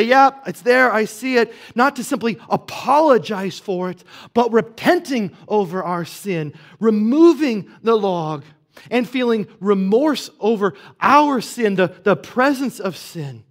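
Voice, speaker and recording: A man preaching a sermon in a conversational way, asking rhetorical questions and moving between hushed asides and emphatic stretches. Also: sits high, expressive, unhurried. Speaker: pastor.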